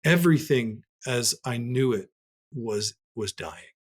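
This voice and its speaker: A man's voice: medium pitch, expressive, takes it slowly, breathy edge. A man who is a podcast guest, telling a personal story in an earnest, reflective way, his voice leaping up when he relives moments.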